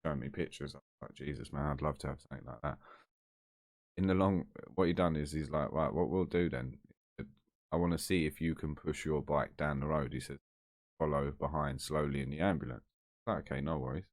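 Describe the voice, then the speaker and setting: A man's voice: rumbling low, fairly quick, dry recording, clean studio sound. A man telling a story to camera in a blunt, chatty, heavily sweary way. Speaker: vlogger.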